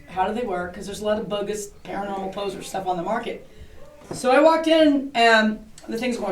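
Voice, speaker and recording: A woman's voice: medium pitch, a little fast, a little hiss or hum. A woman giving a guided tour, a chatty, jokey storyteller who talks a lot. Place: inside an old historic building. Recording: roomy, distant camera mic.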